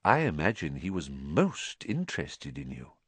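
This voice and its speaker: Dumbledore, a calm old wizard, as a man puts him on. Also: extremely low pitch, slightly rough, dry recording, voice pushed down, full character voice. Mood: calm, kindly. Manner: slow, soft, gentle and thoughtful. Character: old, calm, kindly male headmaster wizard.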